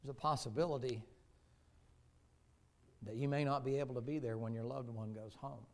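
Male pastor, gravelly storyteller, preaching from the pulpit, loud to hushed. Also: mid-range voice, fairly even intonation, normal speed. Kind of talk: sermon.

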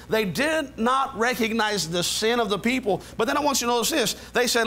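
High-voiced preaching pastor, man. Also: expressive, a little fast, few pauses. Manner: preaching with rising emphatic build-ups; leads a quiet low prayer. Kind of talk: sermon. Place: church sanctuary.

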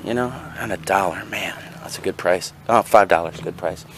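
A man's voice: low-pitched, moderate pace, creaky, a bit bright, slight background noise. A man in a casual haul vlog, rambling through his thrift finds and talking straight to viewers, often correcting himself mid-sentence. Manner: rambling, chatty storyteller; self-correcting, talks to viewers directly. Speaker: reseller showing his finds.

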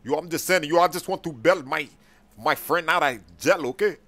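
A young man hosting an improvised game role-play, loud and excitable, talking in slang and calling out to his viewers. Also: a little high, normal speed. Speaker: channel host.

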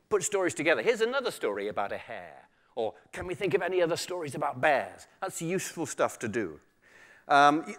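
A man's voice: on the high side, a bit bright. A man who is a storyteller, speaking to teachers in a chatty, joking, self-deprecating way. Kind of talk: humorous talk to an audience.

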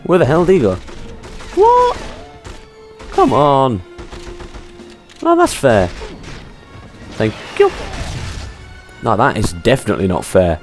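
A man casually commentating his gameplay on a headset mic, chatty and quick to exclaim. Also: medium pitch, wildly swooping pitch, soft background music. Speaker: let's play gamer.

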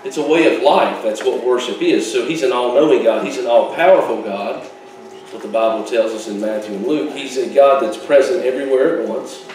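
A male pastor preaches in a relaxed, folksy way, mixing jokes into his points. His voice rings out from a little distance in a very echoey church sanctuary, with faint room noise behind. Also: mid-range voice, a little fast. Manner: folksy, joking asides with laughs. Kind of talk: sermon.

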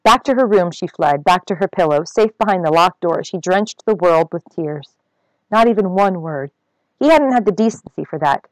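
A woman reading a novel aloud with expressive, dramatic storytelling. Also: fairly low pitch, moderate pace, no room sound, low-quality recording.

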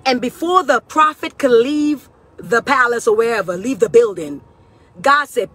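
A woman preaching a prophetic sermon outdoors, fervent and building to cries and shouts. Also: high voice, lively intonation, a little fast, breathy edge, soft background music. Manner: fervent, rising to cries and shouts, Southern-style preaching cadence. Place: outdoors, hot day.

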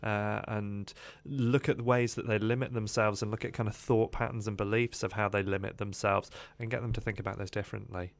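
A man telling his life story as a podcast guest in an animated way, with many "uh" fillers. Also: on the low side, fairly quick, gravelly, hardly any pauses.

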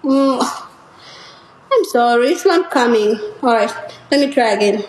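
A woman putting on an exaggerated, drawn-out foreign accent in a mocking way. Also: fairly high pitch, animated, echoey room, slight background noise, poor audio. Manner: slow, drawn-out, mocking delivery.

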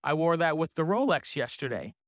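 A middle-aged man giving a motivational sales seminar, boastful and energetic, throwing questions to the crowd. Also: fairly high pitch, fairly quick, no room sound, clean studio sound. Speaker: sales trainer. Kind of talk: motivational seminar talk to an audience.

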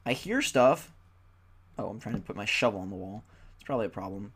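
A gaming YouTuber's casual Let's Play: a tired young man with a lowish, animated voice, talking a little fast and grumbling at the game. Loud background noise is present throughout.

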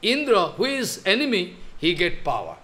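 A male religious teacher, a native Bengali speaker, telling a scripture story in a sermon, halting and repeating phrases and checking that listeners follow. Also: sits high, huge pitch swings, bright, forceful tone.

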